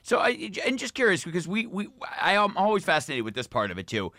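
A man's voice: high voice, wildly swooping pitch, fast talker, pushed and bright, dry recording, studio quality. A man co-hosting a podcast, asking a curious, rambling question full of fillers. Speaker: podcast co-host. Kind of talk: casual podcast chat.

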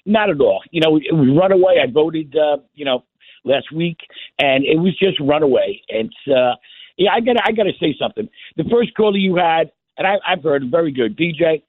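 A man's voice: a little high, expressive, brisk, no echo. A man calling in to a radio show, chatty and rambling, with plenty of fillers. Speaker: caller. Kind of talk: call-in radio chat. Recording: tinny phone line.

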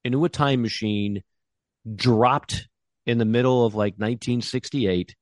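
A man's voice: mid-range voice, measured pace, darkish tone, no echo, studio quality. A man co-hosting a casual sports podcast, rambling enthusiastically with many restarts. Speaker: co-host.

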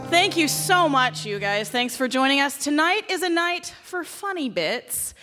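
A woman's voice: sits high, sing-song, measured pace, pushed and bright, soft background music. A woman hosting a live radio show on a theater stage, introducing guests with upbeat enthusiasm.

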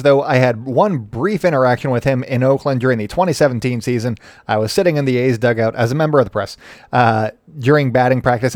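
A sports podcast host talks solo into a mic in a loose, chatty way, joking at his own expense. His voice is mid-range and slightly mellow, and the sound is close and dry with no echo.

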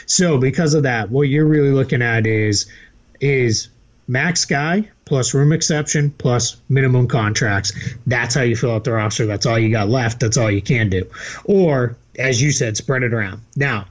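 Boston guy cohosting a podcast, animated and chatty, kinda muffled audio. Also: mid-range voice, moderate pace. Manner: animated, laughs easily. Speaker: podcast co-host. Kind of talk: casual podcast chat.

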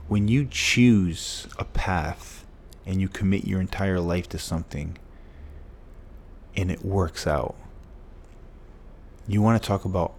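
Guy with a really low voice, ex football player, earnest and emotional, keeps repeating himself. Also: slow, pauses often, slight background noise. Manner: emotional, earnest, lots of repetition. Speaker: guest, former pro football player. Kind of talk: storytelling in an interview.

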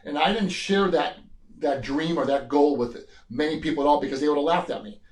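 A man's voice: fairly high pitch, brisk, echoey room, rough recording. A man in his sixties, a former bodybuilder guest, telling stories in a casual interview and acting out the voices of people he quotes. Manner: animated storyteller, acts out quoted voices.

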